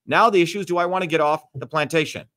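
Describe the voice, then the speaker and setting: A man's voice: a little high, quick pace, bright, forceful tone. A man hosting a livestream Q&A, talking bluntly and emphatically, lecturing and swearing freely. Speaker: host. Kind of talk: livestream Q&A talk.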